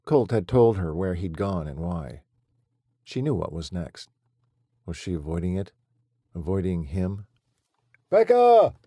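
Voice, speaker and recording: Deep, slow male audiobook narrator. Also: no room sound, studio quality. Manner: measured, steady storytelling.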